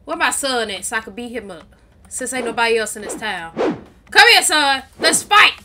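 A woman co-hosting a home gaming video, talking loudly and excitably into a headset. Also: normal speed. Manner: loud, high yelling, excitable. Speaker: gaming channel co-host. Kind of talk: casual gameplay commentary. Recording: keyboard clicks and typing noise.

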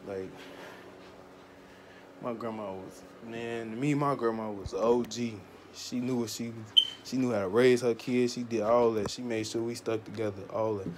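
A man's voice: mid-range voice, fairly even intonation, moderate pace, noisy background. A young man vlogging an emotional personal confession, slangy and rambling as he holds back tears. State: close to tears. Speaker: family vlogger.

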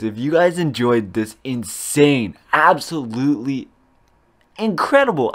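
A young man commenting on a video game pack opening, excitable and swearing, bursting into loud high-pitched reactions. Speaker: gaming YouTuber. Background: electronic dubstep music.

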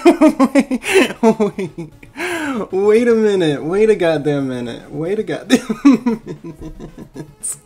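Guy streamer freaking out, swearing, voice swooping all over, slow drawn-out talk. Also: high voice. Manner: excited, swearing, laughing, stammering thanks. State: overwhelmed, tearing up. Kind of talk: live stream reaction.

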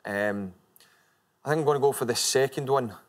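A man's voice: mid-range voice, moderate pace. A man with a Scottish accent, a firefighter, answering a quiz host's questions in a plain, slightly hesitant way in a TV studio. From Scotland.

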